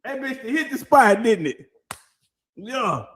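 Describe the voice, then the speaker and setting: A man reacting to a clip with loud, laughing, profane banter. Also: very high voice, big pitch swings, a little slow, slightly rough. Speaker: reaction streamer. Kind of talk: casual reaction commentary.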